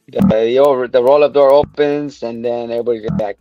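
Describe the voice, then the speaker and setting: A man's voice: mid-range voice, flat delivery, quick pace, hardly any pauses, mellow, no echo. A man co-hosting a podcast, recapping a show in casual chat, rambling and swearing as he acts out scenes. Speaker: podcast co-host. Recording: dull lo-fi sound with music behind.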